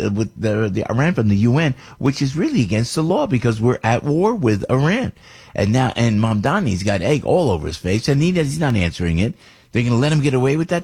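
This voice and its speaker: A man's voice: fairly low pitch, a little mellow, breathy edge. A middle-aged American man hosting a talk radio show, rambling and opinionated, with many restarts and asides.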